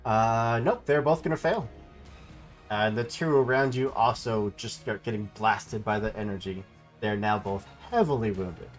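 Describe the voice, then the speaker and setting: With soft music playing behind him, a man running a tabletop game reports rolls and damage matter-of-factly. He speaks at a normal speed in a fairly low pitch.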